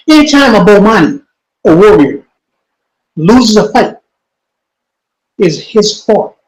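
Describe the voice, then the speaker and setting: A man with a fairly high voice tells a story in an interview. He talks in street slang and repeats himself. He drops to a low, quiet voice when he quotes someone. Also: low-quality recording. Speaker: interview guest.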